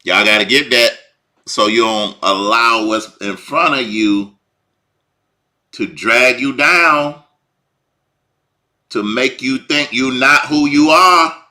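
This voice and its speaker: A man preaching informally, swinging from hushed lines to near shouting. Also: medium pitch, slow pace, pauses often. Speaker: bible teacher.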